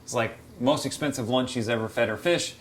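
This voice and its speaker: A man hosting a casual aquarium Q&A from beside his reef tank, chatty and quick to act out little quoted voices. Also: medium pitch, a little hiss or hum. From United States. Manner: chatty, acts out quotes of fish and hobbyists. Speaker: aquarium hobby show host. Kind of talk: casual Q&A explainer.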